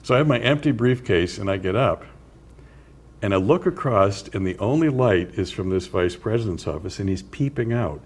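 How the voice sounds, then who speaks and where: Man, older, very deep voice, unhurried anecdotal storyteller, interview guest. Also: lively intonation, slightly rough. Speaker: author and guest. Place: community TV studio.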